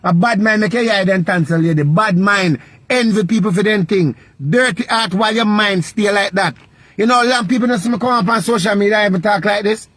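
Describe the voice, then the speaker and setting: A man's voice: high-pitched, a bit bright, dry recording. A man with a Jamaican accent delivering a scolding vlog rant, lecturing in a repetitive, sing-song preaching cadence. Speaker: vlogger. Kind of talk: scolding social media rant.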